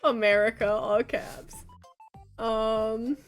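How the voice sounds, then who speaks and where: A woman's voice: a little high, little pitch movement, takes it slowly, smooth, faint music behind. A young woman streaming a game, chatting casually with her chat and laughing often. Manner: chatty, giggly, talking to chat.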